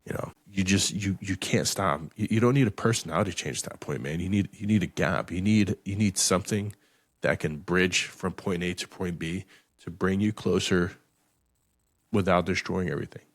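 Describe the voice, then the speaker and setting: Low-voiced guy on a podcast, swears a lot, keeps restarting his words, dry room. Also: moderate pace, no room sound. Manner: profane, emphatic, repeats words when restarting. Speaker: podcast host. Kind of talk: blunt motivational podcast talk.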